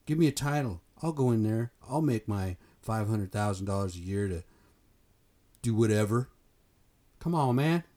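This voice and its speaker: A man's voice: on the low side, expressive, moderate pace, warm tone. A man from the United States giving a blunt, fired-up opinion monologue, swearing and repeating himself for emphasis. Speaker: commentator.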